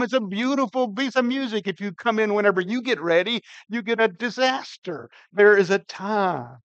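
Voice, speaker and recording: An older man preaching a sermon with emphatic, dynamic delivery, his loudness swinging widely. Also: high voice, clear, resonant tone, no echo, lo-fi sound. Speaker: pastor.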